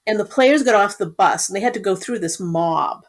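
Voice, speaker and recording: A middle-aged woman tells rambling stories from long ago in casual podcast talk. Her voice sits at a medium pitch, and her telling turns lively at the high points. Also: normal speed. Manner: animated, rambling anecdotes. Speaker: podcast guest. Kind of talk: casual storytelling.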